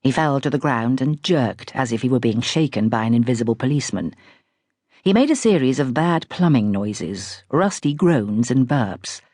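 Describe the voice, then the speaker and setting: A woman narrating a literary novel in a wry, lively storytelling manner with speech. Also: rumbling low, no echo, clean studio sound. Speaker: audiobook narrator. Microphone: close studio mic.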